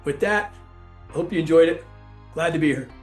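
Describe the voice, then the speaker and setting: A man's voice: a little high, moderate pace, soft background music. A man giving a motivational talk, earnest and loose, with many ums and restarts. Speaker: keynote speaker.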